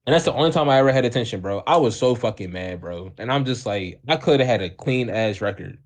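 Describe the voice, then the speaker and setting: A young man co-hosting a podcast, telling a story in a casual, animated way, acting out the people in it with lots of slang and swearing. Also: fairly low pitch, brisk. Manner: animated, acts out quoted voices, heavy profanity and slang. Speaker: podcast co-host.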